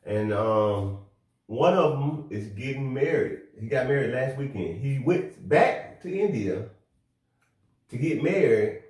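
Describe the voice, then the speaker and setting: An easygoing man co-hosts a podcast, winding through his stories and often laughing along the way. He is heard from far off the mic, with a strong echo filling the room, and his pitch sits in the middle. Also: animated, unhurried, darkish tone. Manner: easygoing, rambling storyteller who laughs along. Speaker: podcast co-host. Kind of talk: casual chat.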